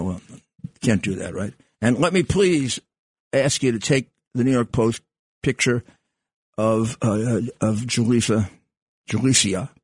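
An older man hosts a talk radio show in a husky, slightly rough voice. He rambles with halting restarts and plenty of fillers. The sound is dry and close, with no room around it. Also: medium pitch, no echo. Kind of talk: casual talk radio monologue.

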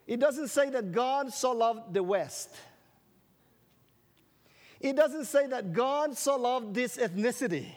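Speaking very slowly in an extremely high, expressive voice, a man preaches a sermon to an audience, drawing out scripture phrases for emphasis and adding questions and jokes. The long reverb of the large hall he's in carries through the recording.

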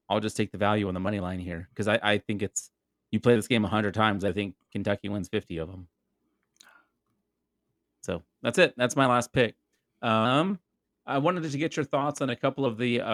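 A man's voice: on the low side, fairly bright tone, no room sound, studio quality. A man co-hosting a podcast, chatting casually about sports picks with frequent laughs and hesitant fillers. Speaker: podcast co-host. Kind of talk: casual sports betting chat.

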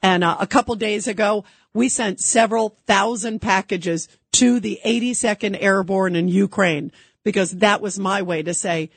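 A woman's voice: medium pitch, steady tone, normal speed, breathy edge, dry recording. A woman hosting a call-in radio talk show, telling a story and thanking callers in an emotional, effusive, patriotic way.

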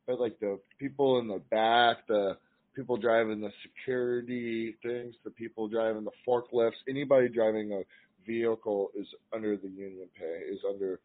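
A man's voice: lowish voice, fairly even intonation, normal speed. A man, a guest in a casual chat, explaining things loosely with lots of fillers. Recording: tinny phone-like line.

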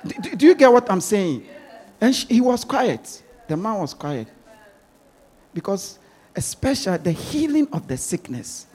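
A man's voice: fairly high pitch, darkish tone, slightly rough. A man preaching a sermon as pastor, emphatic and repeating words as he presses his points.

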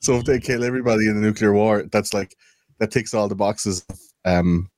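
A man's voice: fairly low pitch, fairly quick, darkish tone, no echo. A young man chatting casually on a podcast, rambling, swearing freely and hunting for words. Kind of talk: casual chat.

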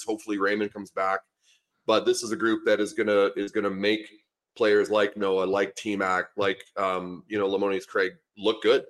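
A middle-aged Canadian man, a guest on a podcast, speaks in a lowish voice. He wanders through stories with plenty of fillers and false starts, relaxed and chatty. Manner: easygoing, rambling storyteller with many fillers and restarts. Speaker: podcast guest, former lineman and coach. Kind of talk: casual podcast chat.

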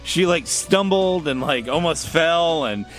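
A man's voice: a little high, expressive, a bit bright, soft background music. A man co-hosting a casual wrestling chat, joking and quipping often. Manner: joking, quick quips, laughs a lot. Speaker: podcast co-host.

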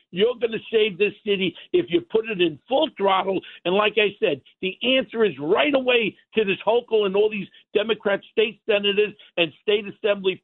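A middle-aged man, a guest, ranting bluntly and combatively about crime. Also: high voice. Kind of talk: heated political talk. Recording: tinny phone line.

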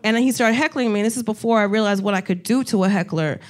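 A woman's voice: mid-range voice, racing. A woman comedian in casual conversation, telling stories animatedly, swearing freely and laughing often. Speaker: comedian, co-host. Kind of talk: casual storytelling chat.

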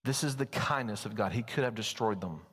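A man's voice: on the low side, brisk, breathy edge. A man preaching a sermon as pastor, folksy and telling stories. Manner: folksy, storytelling, animated at times. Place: church sanctuary. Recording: long church reverb.

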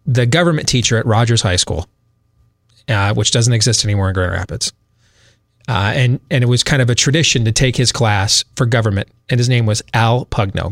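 A man from Michigan, a radio talk show host, telling a long story in a rambling, animated way with many fillers and laughs. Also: medium pitch, dry recording, clean studio sound. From Michigan, USA.

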